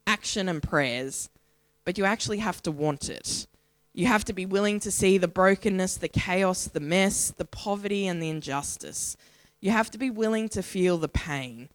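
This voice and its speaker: An Australian woman speaking at a church in a sermon style, building long rhythmic lists with measured pauses. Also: medium pitch, no echo. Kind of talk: sermon-style spoken reflection.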